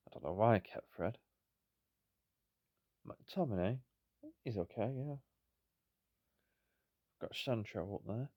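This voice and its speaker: A man's voice: on the low side, lively intonation, slow pace, pauses often, darkish tone, dry recording, studio quality. A tired man giving rambling, self-deprecating commentary on a football management game. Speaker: gaming YouTuber. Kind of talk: casual gameplay commentary.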